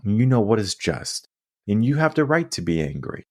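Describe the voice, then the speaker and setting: A man voicing a calm, firm old monk. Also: on the low side, normal speed, no echo, studio quality, voice pushed up. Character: calm wise male monk teacher.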